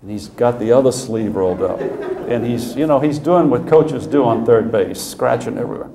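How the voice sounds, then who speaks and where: A man giving a humorous storytelling speech as guest speaker at a club luncheon, conversational and animated, with asides. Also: mid-range voice, moderate pace, vocal fry. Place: event hall at a club luncheon. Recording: echoey room with faint noise.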